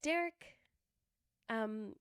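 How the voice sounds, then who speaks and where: A woman's voice: a little high, extremely slow, smooth, no echo, studio quality. A young woman co-hosting a podcast, telling stories in casual chat and acting out what others said. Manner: animated storytelling, acts out quotes. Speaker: podcast co-host.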